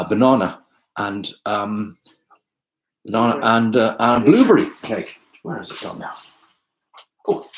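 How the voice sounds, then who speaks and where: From a room at home, a man hosts a pub quiz over a video call, chatting, tossing in jokey asides, and using lots of fillers. His voice is lowish and the recording is rough.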